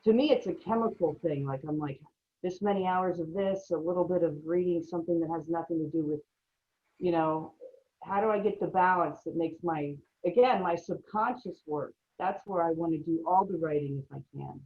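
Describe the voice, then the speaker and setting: A woman with a fairly low voice, talking eagerly and at length as a writing panelist, quick to poke fun at herself. The sound is a bit muffled and dull, as on a video call. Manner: animated, talkative, self-deprecating. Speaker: creative writing faculty panelist. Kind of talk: casual panel discussion. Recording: slightly muffled audio.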